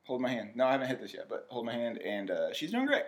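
Young male podcast host, casual and joking, swears a lot, lively pitch. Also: fast. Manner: joking, profane, mumbling asides. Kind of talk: casual chat.

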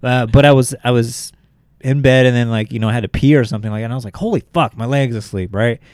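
A young man on a podcast, telling a rambling story full of swearing and filler words. His voice sits at an ordinary pitch, recorded close and dry. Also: fairly even intonation, fast, a little mellow, smooth, no echo. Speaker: podcast co-host. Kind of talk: casual podcast chat.

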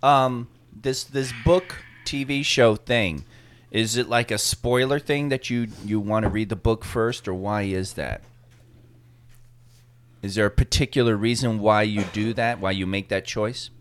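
A man's voice: fairly low pitch, measured pace, slight background noise. A man co-hosting a podcast in casual chat, joking and laughing as he talks and asking probing questions. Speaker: podcast co-host.

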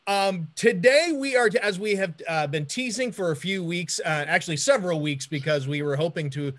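Chatty male podcast host, slightly high voice, energetic and meandering. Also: moderate pace. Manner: upbeat, rambling with fillers and restarts. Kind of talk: casual podcast chat.

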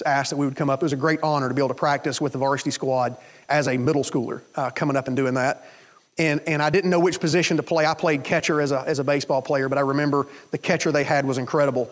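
With a fairly high voice, a male pastor delivers a sermon full of lively storytelling, quoting and performing the voices of each character he describes.

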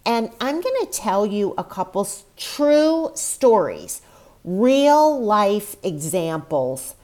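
A woman's voice: mid-range voice, a little mellow. A woman hosting her own podcast, talking on her own in a candid, chatty, emotional way. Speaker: podcast host. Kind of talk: solo podcast monologue.

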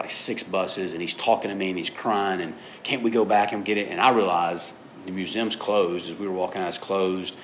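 Man, middle-aged, pastor, conversational sermon, lowish voice, faint background hiss. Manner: conversational, storytelling, checks in with the audience.

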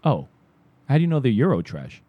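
Male podcast co-host, husky and dark-toned, lively pitch, crude teasing. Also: brisk, highs cut off. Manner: crude, teasing, probing questions. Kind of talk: casual comedic chat.

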